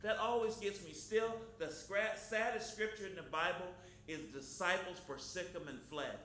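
A man pastor preaching an informal sermon in a folksy, emphatic way, swinging between loud and soft. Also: sits high, normal speed. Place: church hall. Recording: very echoey room, faint noise.

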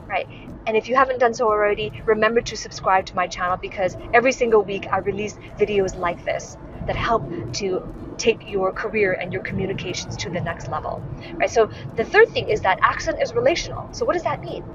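A woman's voice: a little high, a bit bright. Emphatic woman coach repeating key points. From Hong Kong. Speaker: communication coach. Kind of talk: motivational talk to camera. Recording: slightly dull lo-fi sound with clear background noise.

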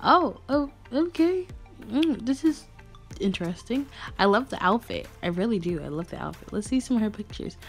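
A woman's voice: fairly high pitch, lively intonation, moderate pace. A young woman vlogger chatting casually and gushing as she reads fan messages aloud. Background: faint music.

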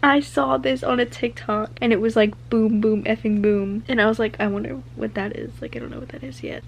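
A young woman talking casually in a reading vlog, retelling the story in an excitable, gushing way with lots of "like" and "oh my gosh". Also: fairly high pitch, fairly quick, creaky, slight background noise, rough recording. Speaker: book vlogger.

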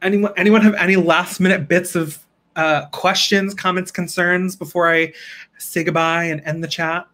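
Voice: mid-range voice, level tone, moderate pace, fairly bright tone. A reselling livestream host chatting casually with viewers, bubbly and laughing often, pleading playfully for likes.

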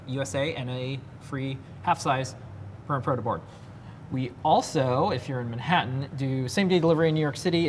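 Male co-host, relaxed live-stream chat, middle pitch, light background hiss. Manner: laid-back, rattles off announcements. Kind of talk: casual live show chat.

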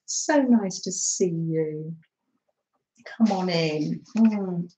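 A woman's voice: on the low side, extremely slow, warm tone. An Englishwoman hosting a craft livestream, chatting casually, greeting viewers by name and giggling often. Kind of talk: casual chat reading live comments. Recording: echoey room.

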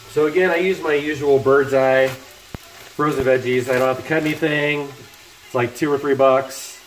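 A middle-aged man hosting a casual cooking livestream from his home kitchen, chatting and joking with viewers while he cooks. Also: mid-range voice. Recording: echoey kitchen with music playing. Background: music from laptop speakers, frying food.

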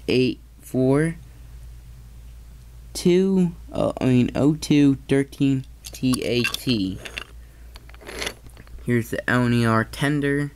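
A man's voice: medium pitch, a little mellow, a little hiss or hum. A man giving a casual toy train review, hesitant and often correcting himself mid-sentence.

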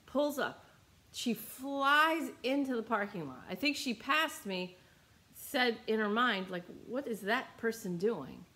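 A woman's voice: mid-range voice, fairly bright tone. A young adult woman, a meditation teacher, telling a personal story in a rambling, emotional way, near tears and repeating her phrases. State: tearful, near crying.

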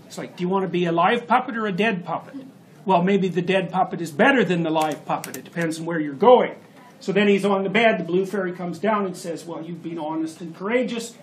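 A man giving a university lecture, retelling a story in an animated way with sudden emphatic bursts. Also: sits high, a little hiss or hum. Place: lecture hall.

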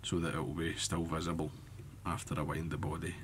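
A man demonstrating fly tying step by step, talking in a relaxed way as he works with his hands. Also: rumbling low, fairly quick, very noisy. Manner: relaxed, thinking aloud while working with hands. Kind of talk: step-by-step tutorial narration.

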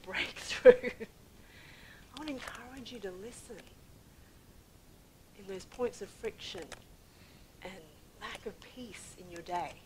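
A woman preaching a sermon in an animated way, laughing often and moving between soft whispers and loud bursts. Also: a little high, background noise.

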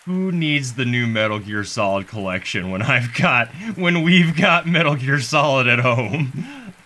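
A man giving comedic let's-play commentary as a gaming video host, goofy and sarcastic, swearing and getting excited as he plays. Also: medium pitch, a little slow.

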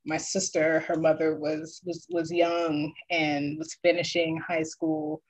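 A lower-pitched voice tells a family story over a video call. The telling is lively, with laughter, and the voices of people in the story get acted out along the way. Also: female voice, takes it slowly, poor audio. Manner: animated, laughing storyteller who acts out quoted voices. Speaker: guest dance artist.

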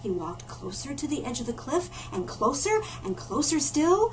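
Library lady reading a storybook to kids, high swoopy voice, kinda far from the mic. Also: moderate pace, hardly any pauses. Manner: animated, with asides to the listeners. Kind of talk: reading a picture book aloud to children. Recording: distant mic with faint room noise.

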